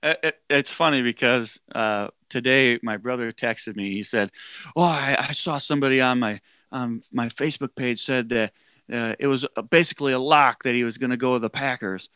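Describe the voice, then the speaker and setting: Bright, clear-voiced laughing man. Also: mid-range voice, normal speed, no room sound, studio quality. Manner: laughs often, stammers when excited. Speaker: podcast co-host. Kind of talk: casual sports chat.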